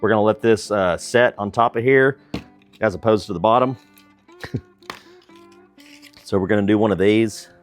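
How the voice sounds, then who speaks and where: Male barbecue vlog host, lowish voice, relaxed and enthusiastic, recorded outdoors in the snow, faint music behind. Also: moderate pace, pauses often. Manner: relaxed, enthusiastic, chuckles often. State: cold from the weather. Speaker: barbecue cooking channel host. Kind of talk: casual cooking vlog.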